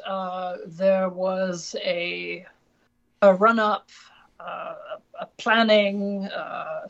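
A woman from Germany, a native German speaker, answering as an interview guest in a measured, hesitant way with frequent fillers. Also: mid-range voice, highs cut off. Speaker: guest analyst. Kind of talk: radio interview.

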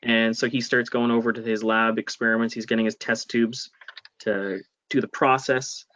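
A man's voice: mid-range voice, flat delivery, moderate pace, a bit bright, slight background noise. A man guest on a casual comic-book podcast, talking hesitantly with many fillers and hedges.

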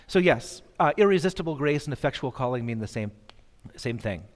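A man teaching a bible lesson to an audience, halting and self-deprecating, with many fillers and restarts. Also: mid-range voice, expressive. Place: hall in front of an audience. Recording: long hall reverb.

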